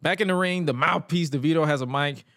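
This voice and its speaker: A man co-hosting a podcast and recapping wrestling in a casual, animated way. He stammers and acts out quotes. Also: fairly high pitch, fast talker, no room sound, clean studio sound. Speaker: podcast co-host.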